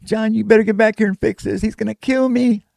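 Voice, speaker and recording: A man putting on the voice of a frightened adult woman who pleads in a stammering, breathless, high-pitched way. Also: fairly even intonation, brisk, gravelly, mellow, dry recording, clean studio sound. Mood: panicked.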